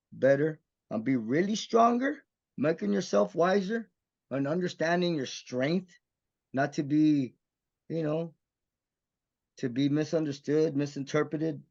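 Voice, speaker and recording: A guest actor from Mission, Texas, talks candidly on a podcast in an intense, profane, emphatic way. His voice is on the high side, gravelly and a little mellow, captured in dull lo-fi podcast audio.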